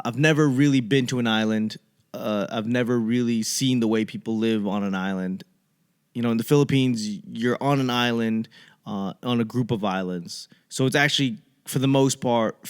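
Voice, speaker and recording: A man's voice: medium pitch, smooth. Man, young adult, comedian, podcast host, rambling, joking, digressive. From Boston. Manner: digressive, joking, puts on mocking voices.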